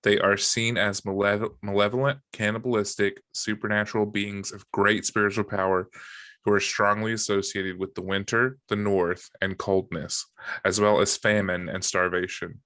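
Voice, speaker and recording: A man's voice: on the low side, normal speed, dry recording. A man co-hosting a podcast in casual chat, joking and reading from notes with lots of fillers. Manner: relaxed, joking, many fillers. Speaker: podcast co-host.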